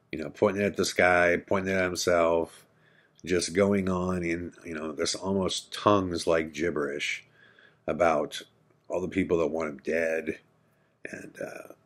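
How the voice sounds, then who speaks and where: A man with a very low, deep voice hosts a podcast and recounts a personal story. His telling is intense and earnest. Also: a bit bright. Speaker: podcast host.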